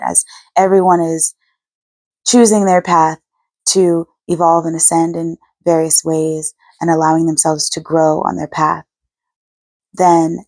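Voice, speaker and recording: A woman's voice: lowish voice, vocal fry, darkish tone, no room sound. A woman hosting her own channel, chatting earnestly about her spiritual experiences, rambling and correcting herself as she goes. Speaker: channel host. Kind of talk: casual spiritual vlog chat.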